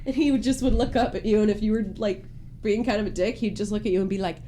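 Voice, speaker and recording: A woman co-hosting a casual group podcast, telling a story quickly and giggling. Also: medium pitch, fairly even intonation, warm tone, a little hiss or hum. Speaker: podcast co-host.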